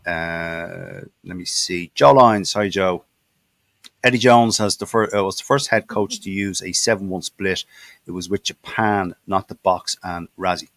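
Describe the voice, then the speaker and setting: An Irish man hosts a casual rugby chat, reading viewers' comments out loud and pausing often over fillers. His voice sits slightly low, and the sound is dry and close with no room around it. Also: no echo. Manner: halting, many fillers and restarts. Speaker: podcast host.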